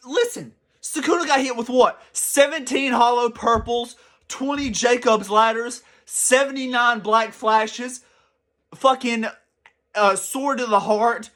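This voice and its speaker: A young man giving casual, excitable commentary as a channel host, rambling and swearing freely. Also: extremely high pitch, slow.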